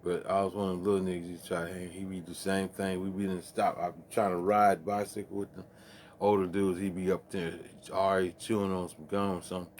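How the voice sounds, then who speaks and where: A man's voice: deep voice, level tone, a little fast, a little mellow, a little hiss or hum. A man hosting a late-night music stream, rambling in profane, laughing, casual chat between songs.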